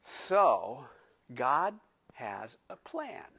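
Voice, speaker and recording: An older man, a pastor, giving a sermon in a conversational, animated storytelling way, full of asides. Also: mid-range voice, drawn-out words, vocal fry, husky. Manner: animated storytelling, acting out quoted voices.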